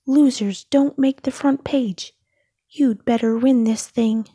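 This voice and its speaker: Boastful male rival car, loud and wailing, high husky voice, a woman doing it. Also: steady tone, takes it slowly, no room sound, studio quality. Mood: pushy. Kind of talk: storybook read-aloud.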